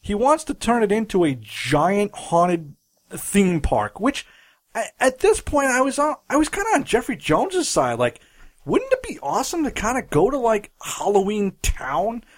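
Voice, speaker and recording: Lively high-voiced man recapping a movie. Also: normal speed. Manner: animated storytelling with fillers. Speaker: podcast co-host. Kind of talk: casual movie recap chat.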